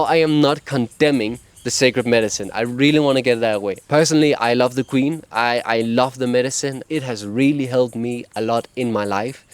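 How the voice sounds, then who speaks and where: A man with a cadence, talking earnestly and openly about his own experience in a personal vlog. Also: mid-range voice. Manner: earnest, open, laughs now and then. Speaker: vlogger sharing meditation advice. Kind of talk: casual personal talk to camera.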